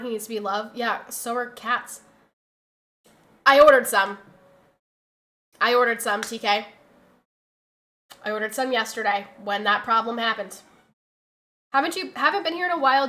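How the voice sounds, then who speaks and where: A woman streamer talking casually at her desk mic, her voice bright and a little high. She tells stories in a chatty, exasperated way and answers her chat as she goes. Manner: chatty, exasperated storytelling, reads chat aloud.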